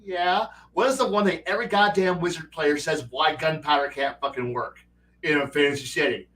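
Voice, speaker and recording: A man hosting a casual livestream, telling profane, animated stories about running a tabletop game. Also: a little high, a little fast, far from the mic, low-quality recording. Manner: animated, profane storytelling with acted player quotes. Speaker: stream host and game master.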